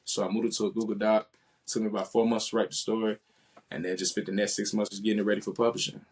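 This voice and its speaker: A man in his late twenties, a podcast guest, telling his story in an animated, slangy, casual way. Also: fairly low pitch, fast. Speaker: interview guest.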